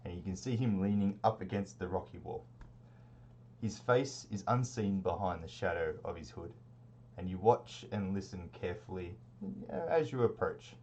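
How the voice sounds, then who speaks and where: A man narrating a tabletop game as game master, in a relaxed, rambling way with many fillers. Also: deep voice, highs cut off, slight background noise.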